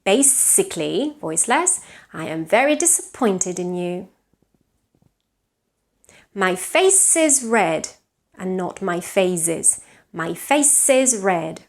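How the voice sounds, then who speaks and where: A woman with a Catalan accent, a native Catalan speaker, giving an online English pronunciation lesson, slowing down to model words and often checking in with her learners. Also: mid-range voice, big pitch swings. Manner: clear, deliberate teaching, slows down to model words, frequent check-ins like "yes?".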